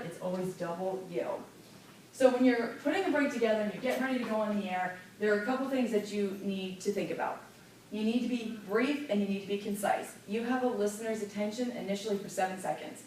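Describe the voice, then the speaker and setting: Woman radio host giving a lively classroom talk, mid pitch, echoey room, caught from far off, slight hiss. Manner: lively, demonstrative, stresses clear enunciation. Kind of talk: classroom lesson.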